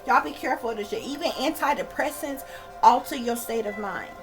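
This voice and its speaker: A woman's voice: on the high side, expressive, fairly quick, music in the background, poor audio. A woman hosting her channel, ranting casually to viewers in an emphatic, profane, repetitive way and calling them y'all. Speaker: channel host and psychic reader. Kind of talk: casual rant to camera.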